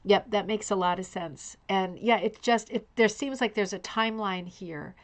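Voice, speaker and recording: A woman's voice: mid-range voice, moderate pace. A woman hosting a casual live online show, talking effusively and addressing viewers by name. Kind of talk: casual livestream commentary.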